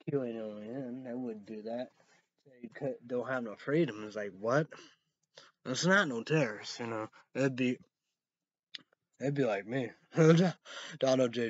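A man vlogging in a rambling casual monologue, spelling words out letter by letter and breaking into high excited outbursts. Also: a little slow, no room sound. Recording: dull lo-fi sound.

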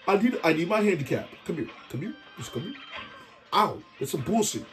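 A middle-aged father trash-talks his way through a family game tournament, boastful and teasing. His voice sits a bit high for a man and swings widely in pitch. Faint music plays behind him. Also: normal speed. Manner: boastful, teasing, animated banter. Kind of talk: casual trash-talk over gameplay.

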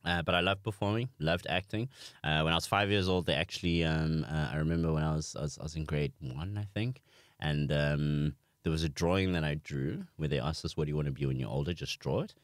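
A man's voice: extremely low pitch, brisk, no room sound, studio quality. A young South African man with a South African accent, telling self-mocking stories as a comedy podcast guest. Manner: animated, self-mocking storyteller. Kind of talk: podcast storytelling.

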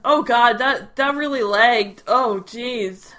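Bright chatty woman gamer. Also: a little high, slow. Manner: chatty, talks to viewers while playing. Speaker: gaming video host. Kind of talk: casual gameplay commentary.

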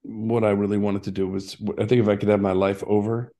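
An older man, once an actor and a basketball coach, tells stories in a casual interview, rambling with frequent restarts and asides. His voice is on the low side, level in tone, warm, and a little fast.

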